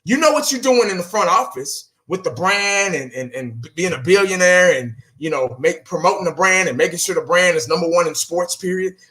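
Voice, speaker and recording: Brief: male channel host, high bright voice, blunt and profane, talks right at viewers. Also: expressive, normal speed, hardly any pauses. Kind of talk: casual solo rant.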